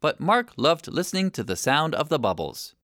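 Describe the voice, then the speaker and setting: A narrator reading a children's story aloud in a clear, steady, expressive way. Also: mid-range voice, normal speed, no echo, studio quality.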